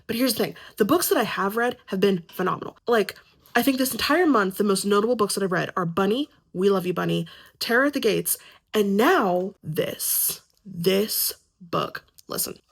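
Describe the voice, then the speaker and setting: Excitable, rambling young woman with vocal fry. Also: medium pitch. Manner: excitable, rambling, self-mocking. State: short on sleep. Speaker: book vlogger. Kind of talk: casual vlog chat.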